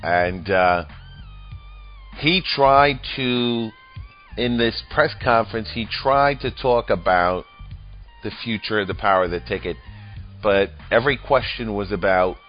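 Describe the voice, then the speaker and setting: Male commentator, low voice, mocking and profane, dull lo-fi sound. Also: measured pace. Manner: rambling, crude and mocking. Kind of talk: profane comedic political commentary. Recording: dull lo-fi audio with faint music.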